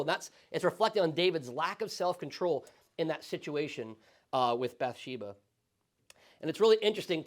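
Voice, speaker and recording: A male pastor teaching a Sunday school Bible study in a conversational, animated way, often checking in with the class. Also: a little high. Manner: conversational, animated, frequent tag questions.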